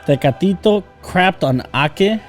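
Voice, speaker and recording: A man's voice: high voice, lively intonation, a little slow, soft background music. A man from Southern California co-hosting a casual sports podcast, arguing his picks with opinionated banter. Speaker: podcast co-host.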